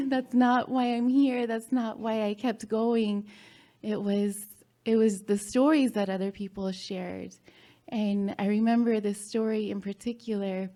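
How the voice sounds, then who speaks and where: A woman telling a personal story at a live storytelling event, halting and heartfelt, with fillers and small laughs. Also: medium pitch, warm tone.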